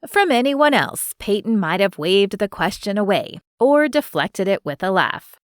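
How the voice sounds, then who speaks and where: A woman reads a romance audiobook in a steady, measured storytelling style, her voice at medium pitch. The scripted narration is captured in clean studio sound with no room echo.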